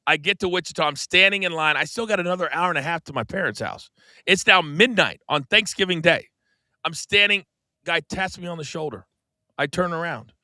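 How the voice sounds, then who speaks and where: A middle-aged American man with a very bright, forceful voice, spinning a story for his co-host. He acts out the lines of the people in it and swings between hushed asides and loud bursts. The studio sound is close and dry. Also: fairly high pitch, fairly quick, no echo. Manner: animated storyteller, acts out quoted dialogue. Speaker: podcast co-host. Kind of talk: casual storytelling chat.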